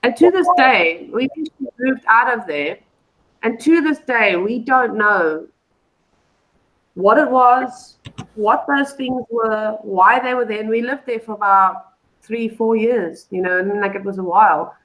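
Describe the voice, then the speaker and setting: A woman's voice: a little high, a little slow, fairly bright tone, low-quality recording. A woman, a guest on a live online show, telling a personal story in a loose, rambling way full of fillers and restarts. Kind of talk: casual storytelling.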